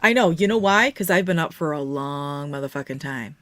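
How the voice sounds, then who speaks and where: A tired woman teases and jokes with deadpan timing on a casual late-night livestream. Her voice sits low but sounds bright and forward. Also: brisk, no echo. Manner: playful, teasing, deadpan jokes. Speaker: livestream co-host.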